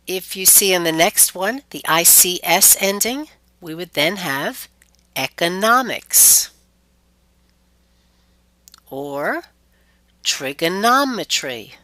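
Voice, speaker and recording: A woman teaching pronunciation in a clear, deliberate scripted lesson, stretching out example words. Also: on the low side, lively intonation, pushed and bright, no echo.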